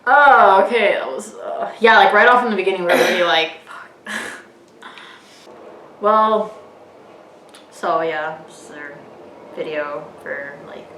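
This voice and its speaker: A woman hosting a reaction video, talking in a halting, emotional way with many fillers. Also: on the low side, a bit bright, reverberant, a little hiss or hum, low-quality recording. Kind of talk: casual emotional chat.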